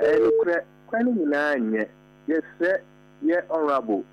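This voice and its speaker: A man phones in to a radio show with an earnest, formal plea. His voice sits a little high. The line is dull and muffled. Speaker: caller. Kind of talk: phone-in appeal.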